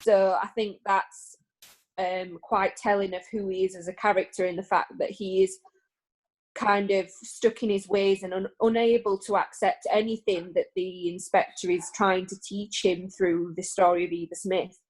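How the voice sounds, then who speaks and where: A British woman who teaches English, giving an explanation in a thoughtful, measured way. Her voice sits at an everyday middle pitch. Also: level tone. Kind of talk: recorded online lesson discussion.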